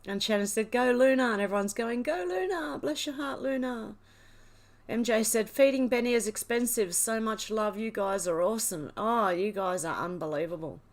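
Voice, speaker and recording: A woman's voice: mid-range voice, normal speed. Teary, overwhelmed woman reading chat. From Australia. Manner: emotional, teary and laughing, overwhelmed. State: tearful. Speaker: livestream host. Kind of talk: reading live chat aloud.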